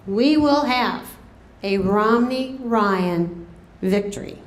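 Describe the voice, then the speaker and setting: A woman's voice: medium pitch, slight background noise. A woman giving a political rally speech as a campaign co-chair, rousing the crowd and drawing out her words. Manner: rousing, drawn-out delivery with rising calls to the crowd. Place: event room at a cafe, crowd present. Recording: echoey room with crowd murmur.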